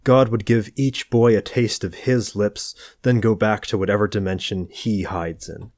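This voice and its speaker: A man's voice: lowish voice, fairly even intonation, moderate pace, a little mellow, dry recording, clean studio sound, close to an everyday voice. A man voicing a stoned, jaded teenage boy who speaks in a drowsy, flippant way. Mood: musing.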